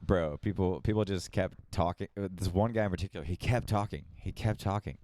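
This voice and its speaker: A man's voice: sits low, fairly quick, a little mellow, dry recording. A man from the Kansas City area, a stand-up comedian, telling stories in a laid-back way on a podcast and saying "dude" and "bro" a lot. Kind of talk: casual chat. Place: podcast room with brick walls.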